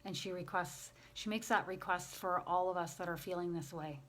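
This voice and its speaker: A woman working as a spiritual medium, passing on messages in a gentle, emotional way during a channeling session. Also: lowish voice, fairly even intonation, normal speed.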